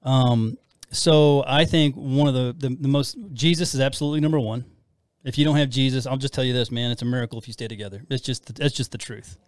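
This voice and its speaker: A man's voice: medium pitch, fairly even intonation, brisk, no room sound. Rambling middle-aged man on dry mic. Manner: rambling, self-deprecating, with frequent restarts and fillers. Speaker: podcast co-host. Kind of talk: casual faith-based marriage talk.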